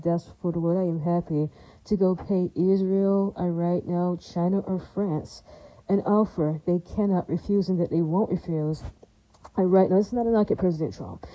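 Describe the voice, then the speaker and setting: A woman's voice: fairly low pitch, dark tone, dry recording, poor audio. A woman delivering a heated, rambling monologue, repeating herself and circling back to the same verbal tics. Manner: heated and defiant. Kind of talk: ranting monologue.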